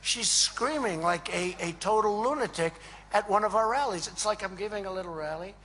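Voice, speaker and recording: A man's voice: sits high, fairly quick, bright, forceful tone, slight background noise. A man giving a rambling, emphatic rally speech to a crowd, repeating phrases and acting out quoted dialogue. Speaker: speaker at a political event. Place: large event hall.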